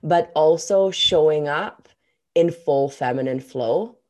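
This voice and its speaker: A woman's voice: low voice, slow pace. A woman hosting a casual conversation, talking with enthusiasm and emphasis and swearing now and then. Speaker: podcast host.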